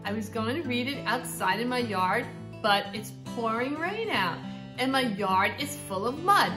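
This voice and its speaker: Slow, high-voiced woman reading to children. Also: music in the background. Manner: slow and animated, like a storyteller. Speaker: children's book reader. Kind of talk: reading a picture book aloud to children. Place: indoors at home. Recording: echoey room.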